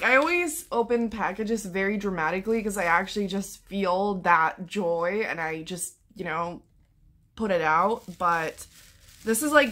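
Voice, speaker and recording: A young woman chatting casually in a book vlog, excitable and gushing, swearing often. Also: mid-range voice. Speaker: book vlogger.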